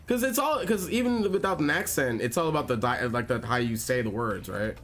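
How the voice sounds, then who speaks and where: A man hosting a game stream in casual chat, halting and repeating his words, often laughing. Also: mid-range voice, lively intonation, fairly bright tone. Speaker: host of gaming stream. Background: faint game music.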